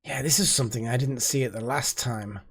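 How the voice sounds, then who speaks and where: A man commentating a gameplay session as the channel host, rambling and excitable, often muttering to himself. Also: medium pitch, brisk, creaky, husky. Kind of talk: let's play commentary.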